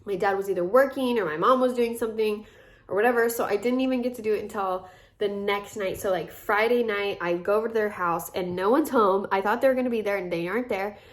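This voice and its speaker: A vlogger in her twenties chats through a personal story at a fast clip, her medium-pitched voice full of fillers as she acts out what the people in it said, with many quoted asides.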